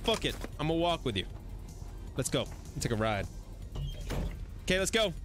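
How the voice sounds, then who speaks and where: Crude joking guy streaming a vr shooter, high lively voice, music under it. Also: moderate pace. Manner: crude, playful banter with chat. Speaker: game streamer. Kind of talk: live VR gameplay stream chat.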